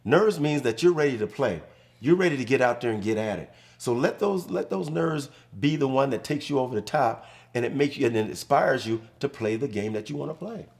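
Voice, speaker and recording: Older guy on a studio set telling football stories, gets animated and acts out the voices. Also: medium pitch, brisk, creaky. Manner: animated storyteller, acts out quotes. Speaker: guest, former pro football player. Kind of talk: casual studio chat, storytelling.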